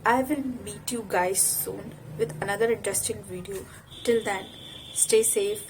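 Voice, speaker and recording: A young woman with an Indian English accent, teaching pronunciation and stressing each target word loudly and patiently. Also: medium pitch, fairly even intonation, unhurried, background noise. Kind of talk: pronunciation lesson to camera.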